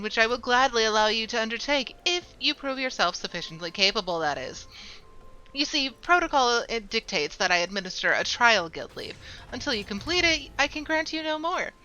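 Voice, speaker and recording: A woman's voice: fairly high pitch, sharp tone, poor audio. A woman voicing a small, formal male guild clerk from a game, with proper, officious speech.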